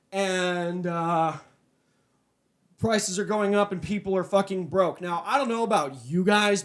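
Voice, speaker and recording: A man hosting a casual podcast, ranting with profanity and stammered restarts, then settling into a low, laid-back tone. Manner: animated, profane, restarts and stammers when worked up; calms down to a low, mellow, drawn-out tone. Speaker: podcast host.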